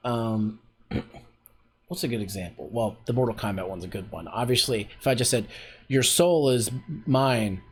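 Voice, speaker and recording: A man hosting a voice acting workshop on a stream, explaining the basics in a relaxed, rambling way with many fillers. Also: lowish voice, normal speed, slight background noise. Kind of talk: casual teaching on a stream.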